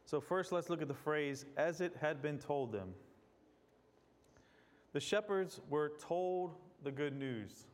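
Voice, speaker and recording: A man's voice: on the high side, expressive, takes it slowly. A man preaching a sermon in a church, reading scripture aloud and asking the congregation questions in a conversational way. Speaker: guest preacher. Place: church sanctuary. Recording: long hall reverb.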